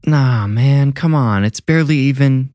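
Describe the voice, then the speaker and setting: A man's voice: medium pitch, unhurried, warm tone, no room sound, clean studio sound, voice pushed up, close to an everyday voice. A man playing a grinning young prankster. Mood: teasing. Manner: playful, teasing, coaxing.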